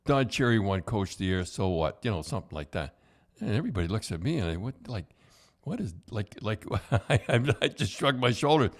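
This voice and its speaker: Older man, rambling storyteller. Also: fairly low pitch. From Canada. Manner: rambling, halting, chuckling. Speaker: podcast host, former coach. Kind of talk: casual storytelling.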